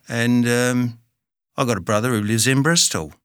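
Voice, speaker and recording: A voice actor giving a chatty accent demo, switching between regional British accents with many filled pauses. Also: mid-range voice, fairly bright tone, clean tone, no echo, studio quality. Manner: filled pauses, chatty tour-guide framing.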